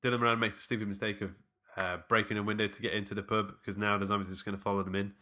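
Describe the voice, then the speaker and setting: Guy hosting a film podcast, lowish voice, bright edge, walks through the plot. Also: flat delivery, very fast. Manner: leads the talk, narrates scenes step by step with fillers. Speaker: podcast host. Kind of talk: casual film recap chat.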